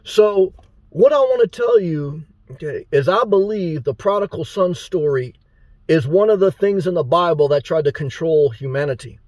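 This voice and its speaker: Man, ranting vlog monologue, slightly high voice, dry close sound, blunt and crude. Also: animated, moderate pace, darkish tone, no echo. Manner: blunt, profane, rambling. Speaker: motivational YouTuber.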